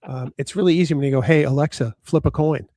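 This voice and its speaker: Clean, dry studio sound captures a man co-hosting a live fan show, quick-paced and chatty as he reads out chat names, greets viewers and jokes. His voice is a little high and mellow.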